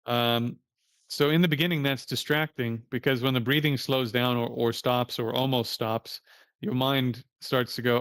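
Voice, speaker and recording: Male meditation teacher on a livestream, mid-pitched, loose and plain-spoken, with an occasional curse, dry close sound. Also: fairly even intonation, normal speed, a bit bright, clear, resonant tone, dry recording. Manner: casual, plain-spoken, curses now and then.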